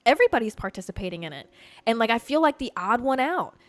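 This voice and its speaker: A woman hosting a podcast, telling a story in a blunt, profane, animated way. She grew up in Georgia and talks in a casual monologue. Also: on the high side, fast talker, soft background music. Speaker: podcast host.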